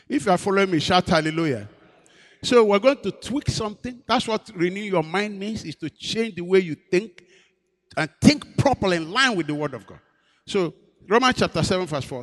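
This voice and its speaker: A man's voice: sits high, lively intonation, normal speed, big-room sound. A man preaching a sermon as pastor, asking his congregation questions and waiting for their replies.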